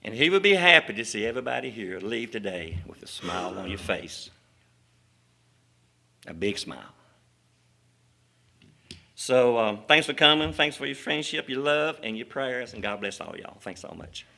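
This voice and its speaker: A man's voice: mid-range voice, sing-song, moderate pace, gravelly, pauses often, sharp tone. A man speaking plainly at a funeral, thanking the mourners. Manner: plain-spoken, grateful. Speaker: family member thanking mourners. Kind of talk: funeral remarks.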